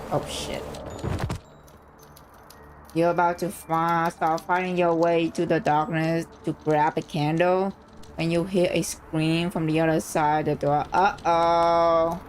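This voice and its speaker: A woman streamer reading a story game aloud, reacting excitedly and swearing freely between lines. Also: lowish voice, measured pace, slight background noise.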